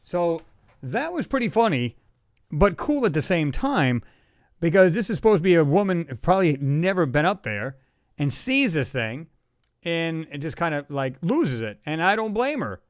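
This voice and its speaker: A livestream host, a man, chats casually and rambles loosely, reading viewer comments aloud. His fairly high voice swings widely in pitch at a normal speed, and the recording is clean studio sound with no echo.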